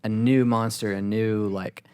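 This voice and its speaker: A man's voice: on the low side, fairly even intonation, unhurried, a little mellow, clear, resonant tone, no room sound, studio quality. A man co-hosting a podcast who leads the chat and asks the others questions. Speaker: podcast co-host. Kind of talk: casual chat.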